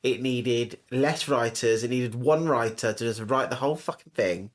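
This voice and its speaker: A man's voice: mid-range voice, normal speed. A man co-hosting a podcast, chatting casually about a TV series with blunt opinions and playful quips. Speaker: podcast co-host. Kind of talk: casual chat reviewing a TV series.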